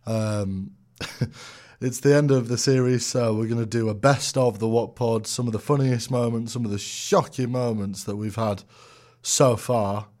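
A man hosting a casual podcast chat in a jokey, deadpan way. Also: medium pitch, a little slow. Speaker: podcast host.

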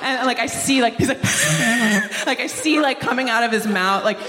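A woman's voice: a little high, normal speed, music in the background. A woman doing a stand-up comedy set on stage in a large theater, talking in a rambling, chatty way full of "like" and "you know". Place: large live theater hall with audience. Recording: echoey live hall with long reverb.

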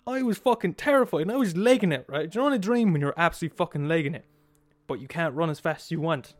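A man with an Irish accent telling a story in a casual, animated way, swearing freely and checking in with the listener. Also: on the high side, quick pace, no room sound. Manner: animated, swears a lot, asks the listener "right?".

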